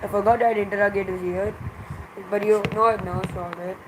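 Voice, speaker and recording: A teacher giving a grammar revision lesson, explaining slowly and in measured steps with many pauses. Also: medium pitch, fairly even intonation, noisy background.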